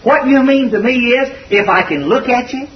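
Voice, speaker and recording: A tender young country boy coaxes his sweetheart to come away with him, earnest and a little halting, as a preacher puts him on. The voice sits lower than the preacher's own high voice, on a dull recording heard from some way off. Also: far from the mic. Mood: adoring.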